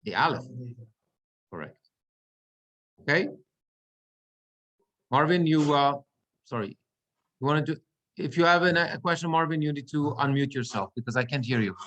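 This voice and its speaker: A middle-aged man, a cantor, teaching Torah reading in an online class over a video call, slow and halting with frequent restarts. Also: fairly high pitch, fairly bright tone.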